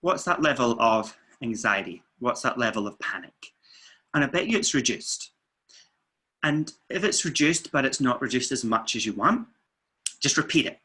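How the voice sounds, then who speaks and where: A man, a weight-loss coach, calmly guiding listeners through muscle tensing and breathing exercises. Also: medium pitch, moderate pace, breathy edge. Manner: calm, steady counting and coaching. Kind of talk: guided relaxation instructions. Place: indoors, filming himself.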